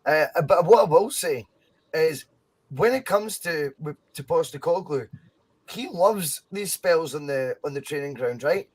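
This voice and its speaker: A Scottish man co-hosts a casual football podcast with a slightly raised voice. He talks in long, animated runs and swears freely as he goes. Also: a little high, a little slow, husky. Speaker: podcast co-host.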